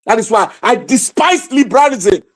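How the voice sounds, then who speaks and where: Very high-voiced Nigerian man ranting. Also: expressive, moderate pace. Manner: impassioned, preachy ranting with shouted outbursts. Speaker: livestream host. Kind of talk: livestream commentary.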